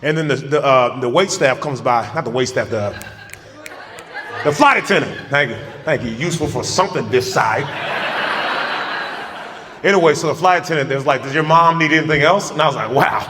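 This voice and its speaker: Animated man telling a stand-up story. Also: medium pitch, brisk, pauses often. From United States. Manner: animated, laughing at his own story, loud acted-out outbursts. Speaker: stand-up comedian. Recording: live venue with long reverb and faint noise.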